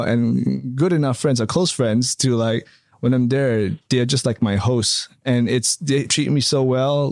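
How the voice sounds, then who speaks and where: A man's voice: mid-range voice, darkish tone, no echo, studio quality. A man being interviewed in a casual chat, rambling with many fillers and tag questions. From Canada. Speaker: interview guest, hotel developer.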